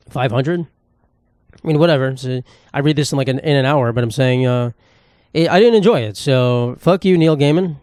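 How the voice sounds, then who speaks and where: A man's voice: a little high, darkish tone, no echo, studio quality. Rambling, profane young man podcasting solo. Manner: rambling and profane, with sarcastic asides. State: dry throat. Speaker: podcast host. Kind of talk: casual solo podcast monologue.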